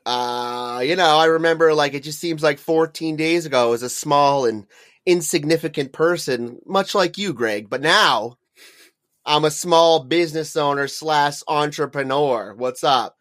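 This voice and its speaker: This young man has a slightly high voice. He tells a story in loose, casual podcast chat, swearing freely and filling the gaps with "like" and "uh.". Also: a little slow, fairly bright tone. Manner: rambling, profane, lots of "like" and "uh". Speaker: podcast co-host.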